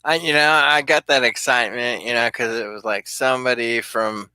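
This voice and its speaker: A man's voice: mid-range voice, fairly even intonation, normal speed, bright, forceful tone, clear, resonant tone, dry recording. A man casually telling a personal story, rambling and swearing with frequent chuckles. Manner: rambling, profane, chuckling often.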